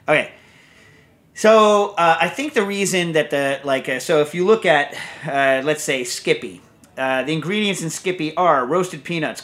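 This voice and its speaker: A man's voice: on the high side, moderate pace, fairly bright tone. A man hosting a podcast, chatting casually and reading out a listener question, rambling with many fillers and restarts. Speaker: podcast host; reads listener questions aloud. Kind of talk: casual chat.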